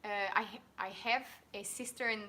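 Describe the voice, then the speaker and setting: A woman's voice: mid-range voice, fairly quick, sharp tone. A woman, an actress hosting a live stream, chatting casually and upbeat with many fillers. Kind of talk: casual chat.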